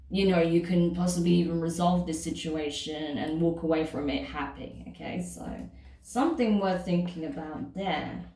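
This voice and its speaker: A woman with a low, somewhat mellow voice gives a casual tarot reading, chatting with the listener and frequently checking in with "okay?" and "right?". She sits off-mic in an echoey room, so her voice sounds distant.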